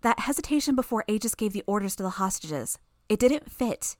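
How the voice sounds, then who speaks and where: Audiobook: a woman as a clever teen girl, raised pitch, insistent, dry close sound. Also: lively intonation, a little fast, a little mellow, no room sound, close to an everyday voice. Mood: urgent. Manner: urgent, insistent. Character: sharp, sly teenage girl, quick thinker.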